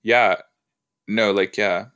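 A man's voice: fairly low pitch, fairly even intonation, takes it slowly, fairly bright tone, smooth. A man hosting a podcast, chatting casually and reacting aloud to a show as he watches it, with rambling asides. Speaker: podcast host.

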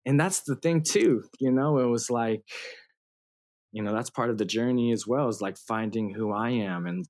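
Here a thirtysomething guest musician shares his story during a laid-back interview, laughing frequently and leaning on slang and fillers. His voice is medium in pitch with a darkish tone, and his pace is moderate.

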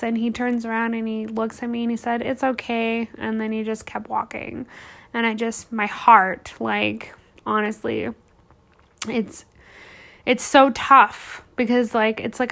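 A woman's voice: a little high, a bit bright. A woman in her thirties hosting a podcast, telling a candid personal story in an emotional, rambling way full of restarts and fillers. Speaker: podcast host.

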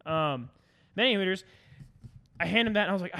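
A young man telling stories on a casual podcast, swearing a lot and animated. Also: sits high, a little fast, creaky, long pauses. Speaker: podcast co-host.

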